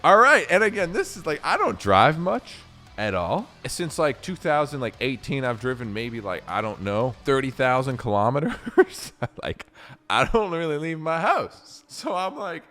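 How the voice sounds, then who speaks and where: A young man from Canada tells a long story in a loose, rambling way, full of fillers and swearing. His pitch swings widely and lively as he goes. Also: moderate pace, faint music behind. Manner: animated, profane, rambling with many fillers. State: recounting a sleepless night drive. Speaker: streamer. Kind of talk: casual storytelling.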